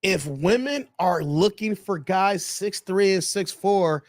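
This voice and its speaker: A man's voice: high-pitched, slow pace, dry recording. A man hosting a live stream, joking in slangy casual chat and reading out viewer messages.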